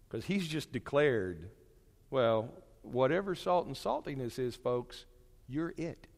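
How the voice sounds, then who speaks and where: Lively-voiced preacher in an echoing hall. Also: male voice, fairly high pitch. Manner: animated, conversational preaching with homely asides. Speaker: pastor. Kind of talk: sermon. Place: church sanctuary.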